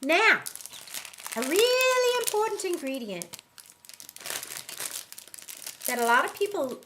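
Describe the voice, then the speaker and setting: A woman's voice: sits high, sing-song, slow pace, long pauses, a bit bright, a little hiss or hum. A woman clowning her way through a mock cooking demonstration, playful and teasing in a sing-song way. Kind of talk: mock cooking show comedy.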